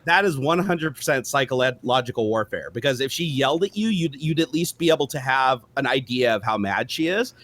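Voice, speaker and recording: A man's voice: medium pitch, lively intonation, a little fast, few pauses, a bit bright. A man co-hosting a casual livestream chat, talking bluntly and swearing freely. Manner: blunt and profane. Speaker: co-host.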